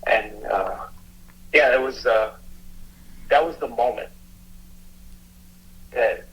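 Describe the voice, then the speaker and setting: A middle-aged man tells a painful personal story in an earnest, halting way, stopping and restarting his sentences. His voice is bright and forward, and it is of middling pitch. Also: poor audio. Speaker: police officer and youth mentor, guest.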